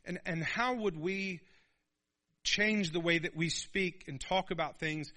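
An animated pastor in his thirties preaches and keeps asking his listeners for an amen. His voice is bright and forward and sits a little high. He slips into little acted voices to make his points. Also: measured pace. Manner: animated, calls for amens, acts out voices. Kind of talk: sermon.

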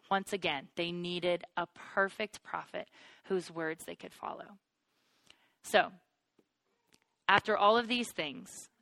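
A woman's voice: mid-range voice, dry recording. A woman teaching through the Bible in an earnest, personal way, calling listeners "you guys" as her wonder grows. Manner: earnest, builds to excited wonder. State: choked up with emotion.

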